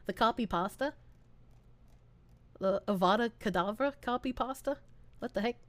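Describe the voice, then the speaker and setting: A woman's voice: fairly high pitch, moderate pace, no echo. A young woman streamer with a Southern US accent, chatting casually while reading chat aloud, laughing often and swearing freely. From American South. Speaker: VTuber streamer.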